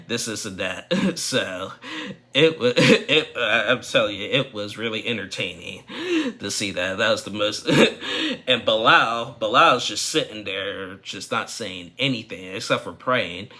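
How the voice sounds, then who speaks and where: A man's voice: lowish voice, normal speed, sharp tone. A man giving a casual, opinionated recap of a reality show, rambling with frequent restarts.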